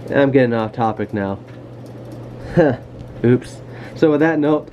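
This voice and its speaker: A man's voice: medium pitch, slow, long pauses, dark tone, a little hiss or hum. A man vlogging casually about his camera collection, rambling off topic with goofy, self-deprecating jokes. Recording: dull lo-fi home video sound.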